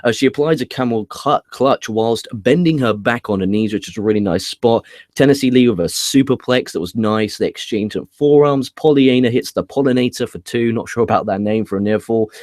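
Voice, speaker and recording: A man's voice: fairly low pitch, a little mellow, dry recording, clean studio sound. Chatty man reviewing wrestling. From England. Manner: chatty, swears casually, frequent restarts. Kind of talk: casual spoken review.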